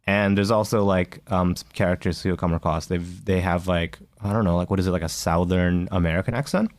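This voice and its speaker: A man's voice: low voice, steady tone, a little fast, dry recording. A man co-hosting a podcast, chatting casually about video games, full of fillers and restarts. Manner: hesitant, many fillers and restarts. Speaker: podcast co-host.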